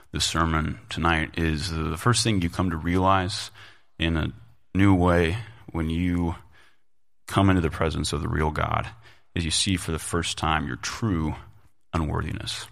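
Low gravelly-voiced male pastor preaching. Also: fairly bright tone. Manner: conversational, repeats words for emphasis. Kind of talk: sermon.

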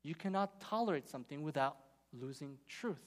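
Pastor guy preaching, pretty high voice, earnest and punchy on the big lines. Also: normal speed, a bit bright. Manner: earnest, rising to emphatic points. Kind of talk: sermon.

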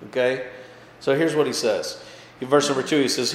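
A man's voice: medium pitch, moderate pace. A male pastor giving a casual, conversational Bible study, often checking in with his listeners and lifting his voice for emphasis. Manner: casual, checks in with listeners with frequent "okay?" and "right?"; lively, pushes his voice up for emphasis. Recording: echoey hall with faint background noise.

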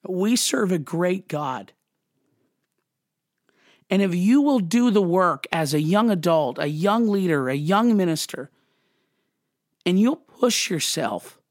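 A man hosting a podcast, talking fervently and emotionally in a preachy devotional way, quick, then slowing on emphatic words. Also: high voice, no room sound, clean studio sound. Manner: fervent and emotional, restarts and apologizes. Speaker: podcast host.

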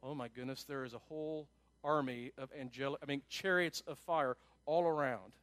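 A man's voice: high voice, sing-song, normal speed, fairly bright tone, dry recording. A preacher voicing a panicked young male servant in a sermon, with alarmed, incredulous exclamations. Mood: awed.

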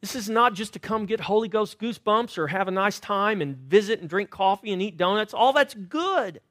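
A high-voiced man preaching from the pulpit in a church. He tells his stories with a lively, swooping delivery. He drops from loud, emphatic lines to near-hushed ones. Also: normal speed, no echo, clean studio sound. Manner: animated storytelling, swinging from loud to hushed. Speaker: pastor. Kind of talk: sermon. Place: church sanctuary.

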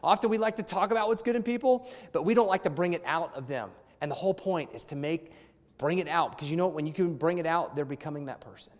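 A man's voice: on the high side, quick pace. A man in his thirties preaching a sermon as a pastor, conversational and weaving in personal family stories. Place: church hall. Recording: long hall reverb.

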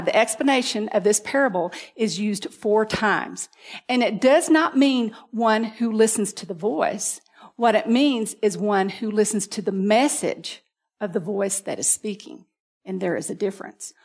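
A woman preaching a sermon, reading scripture aloud and retelling a Bible story in an earnest, storytelling way. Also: medium pitch.

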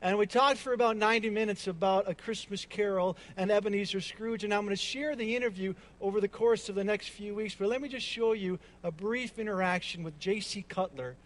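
A man's voice: high-pitched, a little fast. A man giving a sermon as pastor, earnest and emphatic, leaning on repeated words.

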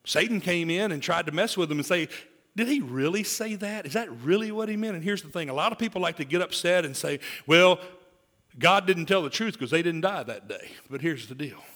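Man in his forties, pastor delivering a sermon; gravelly, slightly high voice, jokes a lot, punches key lines then drops low. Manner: lively, joking, swings from loud emphasis to hushed asides.

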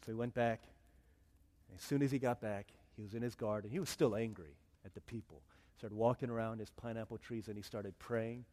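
A male pastor preaching a sermon, telling a story in a humorous, animated way. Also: on the low side, fairly quick.

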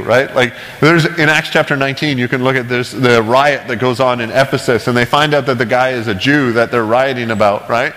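A man's voice: medium pitch, steady tone, brisk, few pauses, a bit bright, in a large hall, rough recording. A male pastor preaching a casual, conversational sermon with chatty, self-deprecating asides and frequent "right?" checks.

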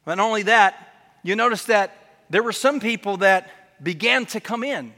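A man preaches a lively sermon in a church sanctuary. His voice sits very high for a man and rings bright and forceful. A long reverb from the hall trails each phrase. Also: moderate pace. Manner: animated preaching, acts out quoted voices. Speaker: pastor.

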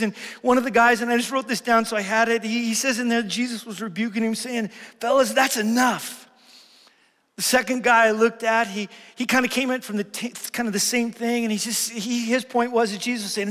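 A middle-aged male pastor with a rather high voice preaches in earnest, swinging between loud, lively stretches and quiet, hushed moments. His voice rings out with a long reverb from the sanctuary around him. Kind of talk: sermon.

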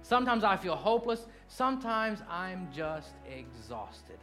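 Earnest pastor, high and lively. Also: male voice, soft background music. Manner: earnest, swings from hushed slow lines to animated bursts. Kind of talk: sermon.

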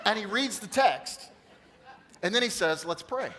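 A male pastor telling a funny story in a sermon, animated and jokey, acting out the quotes. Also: sits high, measured pace, background noise. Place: church auditorium.

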